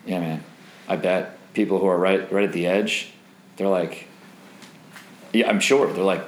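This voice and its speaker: A man's voice: low-pitched, unhurried, long pauses, a bit bright, a little hiss or hum. Man teaching a Bible study, roomy echo. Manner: conversational, asks the group questions and jokes. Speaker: young singles Bible study leader.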